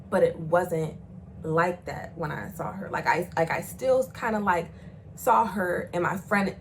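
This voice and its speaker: A young woman talks straight to camera in a chatty storytime vlog, her pitch jumping around as she mimics other people's voices. Her voice sits in a middle register, and she swears and uses slang freely. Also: a little hiss or hum, rough recording. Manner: animated, acts out the voices of people she quotes. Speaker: vlogger.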